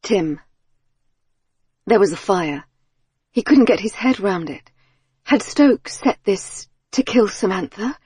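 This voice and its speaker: A woman narrates a suspense audiobook in a measured, tense way, her mid-pitched voice carrying a soft husk. The recording is close and completely dry, with no room sound at all. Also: lively intonation, breathy edge, no room sound. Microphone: close studio mic.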